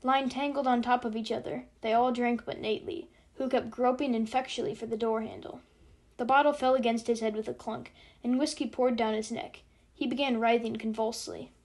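A woman narrating an audiobook with steady, even storytelling. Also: fairly high pitch, brisk.

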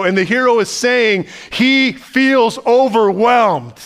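A man, the pastor, preaching a sermon in a conversational, animated way and asking the listeners lots of questions. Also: high voice, a little slow, few pauses. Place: church sanctuary.

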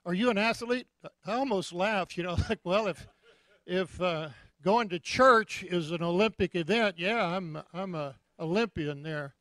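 A man in his seventies preaching a sermon, jovial and joking, breaking into loud shouts of praise. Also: high-pitched, a little slow, no room sound. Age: 70s. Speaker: guest preacher.

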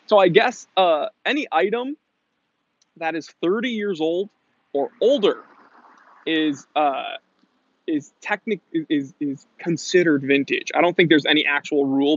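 Guy running a watch shop stream, kinda high voice, rambly, reads chat, dry dull mic sound. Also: no echo. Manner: rambling, restarts and fillers, answers chat questions. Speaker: watch shop owner hosting a live stream. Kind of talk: casual live stream chat reading viewer comments.

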